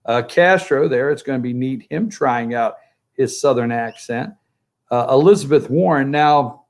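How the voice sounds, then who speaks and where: A man's voice: mid-range voice, unhurried. A man giving joking, sarcastic political commentary from a remote spot by a pool. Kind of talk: opinionated political talk. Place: outdoors by a pool, remote from the studio.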